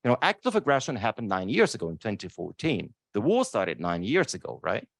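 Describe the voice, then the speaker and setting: Emphatic animated male panelist. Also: lowish voice, fairly quick, creaky, no echo, studio quality. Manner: emphatic, repeats "right?" often. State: emotional. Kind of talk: impassioned panel talk. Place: lecture room.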